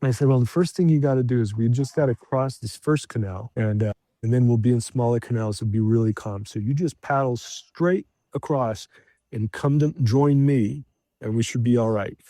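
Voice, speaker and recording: A man's voice: mid-range voice, moderate pace, no room sound. A middle-aged man, a podcast guest, telling a travel story casually with lots of fillers and restarts. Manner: animated anecdote teller, acts out shouted quotes.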